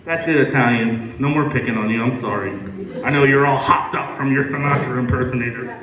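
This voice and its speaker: A man doing a stand-up comedy set at a campground, playfully spelling words out loud for laughs. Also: medium pitch, fairly even intonation, fairly quick, background noise. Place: outdoor campground stage. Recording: echoey, distant, muffled live recording.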